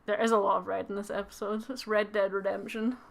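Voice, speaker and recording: A young Scottish woman doing a fast, joking recap of an episode in casual chat, swearing and quoting characters as she goes. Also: mid-range voice, level tone, creaky, over a noisy crowd. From Scotland. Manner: casual and giggly, swearing, mimicking characters in quick asides. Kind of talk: rapid-fire comedic recap.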